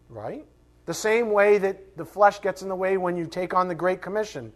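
A man's voice: sits high, animated, a little fast. A man teaching a Bible class in a conversational way, asking rhetorical questions and acting out quoted voices. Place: classroom with a board.

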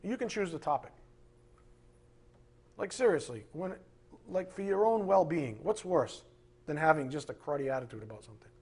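A middle-aged man preaching with a husky voice, firing off rhetorical questions and swinging from loud outbursts to hushed asides. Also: a little high, expressive, normal speed, pauses often. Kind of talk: sermon.

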